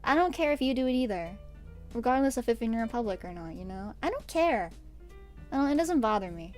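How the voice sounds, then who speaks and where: A woman's voice: on the high side, expressive, brisk, darkish tone, soft background music. A young woman streamer from America chatting casually, rambling and getting exasperated with bursts of laughter. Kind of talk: casual stream chat ranking pet peeves.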